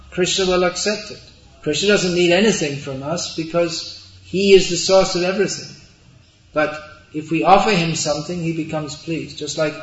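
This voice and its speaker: Spiritual teacher, man, slow deliberate delivery, roomy muffled hall recording. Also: on the high side. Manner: slow, deliberate, gently humorous. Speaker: spiritual teacher answering questions. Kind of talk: religious talk with audience Q&A.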